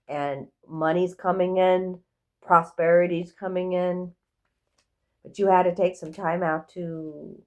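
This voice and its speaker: A woman giving a casual, rambling tarot reading in a gentle, affirming way. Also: mid-range voice. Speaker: tarot reader.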